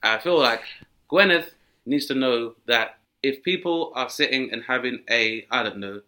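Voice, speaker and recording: A man's voice: mid-range voice, normal speed. A man co-hosting a casual comedy chat, riffing and acting out voices in his stories. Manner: animated, acts out voices in quoted exchanges. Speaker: podcast co-host.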